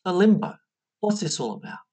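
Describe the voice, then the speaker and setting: In a husky voice that ranges widely in pitch, a spiritual teacher delivers a motivational talk at a fairly quick clip. It's expressive speech, regularly addressing questions straight to the listener.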